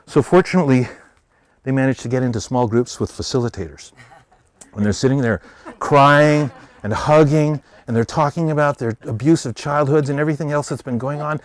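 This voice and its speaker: American man, lively public speaker, mid pitch, dry close sound. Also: brisk, no echo. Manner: animated storyteller, voicing characters in quotes. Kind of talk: public talk.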